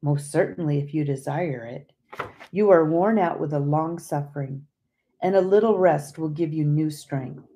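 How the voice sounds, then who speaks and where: A soft-spoken, patient man, the kindly brother-in-law of a storybook tale, read by a woman. His voice sits low and mellow, and he talks quietly and reassuringly. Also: moderate pace. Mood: gentle, reassuring. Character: gentle older brother-in-law, kind spirit guide.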